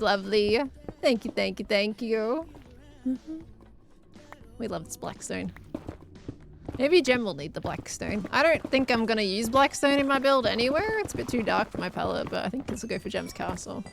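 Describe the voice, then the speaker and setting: A woman's voice: on the high side, animated, moderate pace, vocal fry, soft background music. A young adult woman streaming casually, answering chat messages and laughing often.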